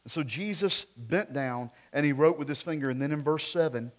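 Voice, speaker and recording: A pastor with a drawl delivers a sermon in a slightly higher-than-usual voice. He talks with the congregation, tossing out rhetorical questions. His delivery swings from loud emphatic bursts down to quiet, almost muttered asides. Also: fairly quick.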